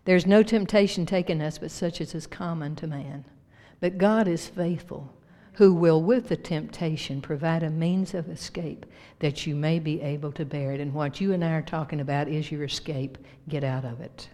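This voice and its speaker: In a church sanctuary with long hall reverb, a woman pastor preaches a folksy sermon to her congregation. Her voice sits low and dark at a normal pace, and she laughs often and leads call-and-response.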